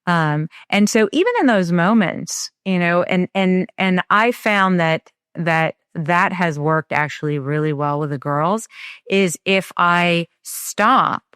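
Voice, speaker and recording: A woman co-hosting a parenting podcast, speaking in a thoughtful, measured way with small pauses as she works through ideas. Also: on the low side, fairly bright tone, clear, resonant tone, dry recording, studio quality. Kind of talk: casual conversational podcast.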